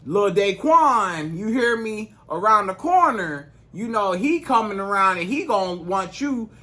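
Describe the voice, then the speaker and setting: Here a dating coach addresses the camera in a monologue of emphatic, repetitive advice, using loose slang. His voice sits high with lively intonation and a sharp tone, and his pace is slightly slow.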